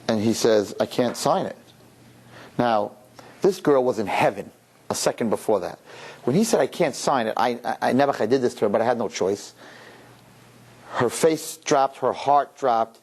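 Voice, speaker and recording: Animated rabbi telling a story. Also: male voice, medium pitch, slightly rough. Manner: animated, acts out characters. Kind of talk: sermon storytelling.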